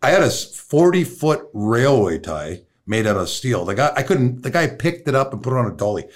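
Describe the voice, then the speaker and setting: A Canadian-accented man tells a story on a podcast, swearing freely and acting out each character. His pitch swings widely as he talks, from low mutters to high bursts, around a middle register. It is casual, loose chat. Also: brisk. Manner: profane, animated storyteller who acts out the people in his story. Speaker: podcast guest. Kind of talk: casual anecdote telling.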